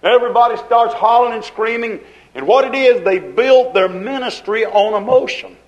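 A man preaching a sermon as pastor. He speaks fervently in folksy grammar, asks rhetorical questions, and swings between loud and hushed. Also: very high-pitched, moderate pace, dull audio.

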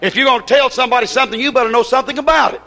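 A man's voice: very high voice, fairly even intonation, racing, bright, forceful tone. A man preaching a sermon in a folksy, emphatic way, retelling a conversation with one "I said" after another.

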